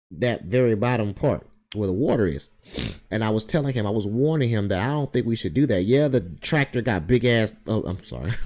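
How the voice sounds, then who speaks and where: A man with a lowish, mellow voice tells a personal story casually. He rambles, circles back and repeats himself as he talks.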